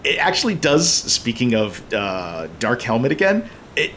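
Sarcastic man with a very lively voice. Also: medium pitch, a little slow, a little hiss or hum. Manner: sarcastic, joking asides, swearing. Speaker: podcast host. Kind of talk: casual comedic movie recap.

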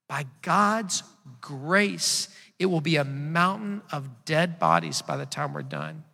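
A man's voice: a little high, very animated, slow, gravelly, bright, forceful tone. A man preaching a sermon as pastor to his church. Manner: conversational preaching with emphatic repetition. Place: church auditorium. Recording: long reverb of a church hall.

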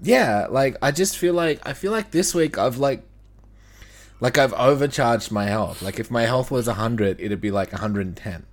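A man's voice: mid-range voice, normal speed. A man co-hosting a casual podcast who jokes, teases his co-host and swears freely. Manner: joking, teasing, swears freely.

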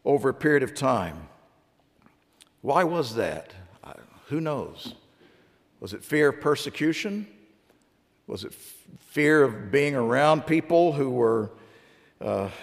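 A man's voice: mid-range voice, creaky, long reverb tail. A middle-aged man preaching a sermon as a pastor, asking his congregation one rhetorical question after another.

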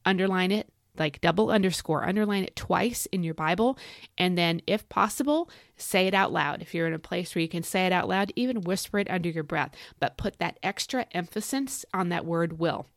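A woman teaches Scripture in a chatty, folksy way, circling back to repeat key phrases. Her voice sits a bit low and has a gravelly fry. It is a dry home recording with no room echo. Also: fairly quick. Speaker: podcast host and Bible teacher. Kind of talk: casual devotional teaching.

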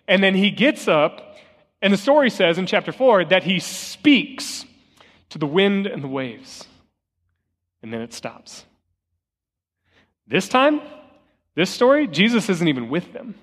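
Middle-aged male pastor, higher-pitched voice, conversational sermon with rhetorical questions, long hall reverb. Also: sing-song, measured pace, long pauses, a bit bright. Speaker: interim lead pastor. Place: church sanctuary.

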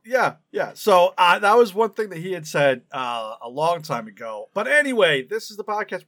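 Man, podcast co-host, high voice, very lively pitch, playful casual chat. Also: moderate pace, few pauses. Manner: playful, laughing, animated.

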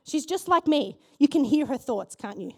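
A woman pastor preaching a sermon in church, animated and asking the congregation questions. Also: high-pitched, normal speed.

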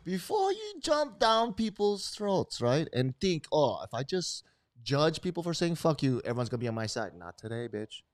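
A man's voice: on the high side, moderate pace, no room sound, clean studio sound. Brash swearing man. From Hawaii. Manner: brash, swearing, animated bursts. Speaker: host. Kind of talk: casual profane chat.

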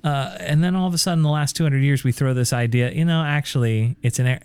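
A man's voice: medium pitch, fast, darkish tone, clear, resonant tone. A man co-hosting a podcast in casual chat, emphatic and building his points through rhetorical questions. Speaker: podcast co-host.

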